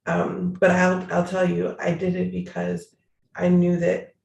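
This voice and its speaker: A man's voice: high-pitched, monotone, a little slow, gravelly, a little mellow, reverberant. A man, a city prosecutor, talking earnestly and emphatically in an interview over a video call, repeating phrases for stress.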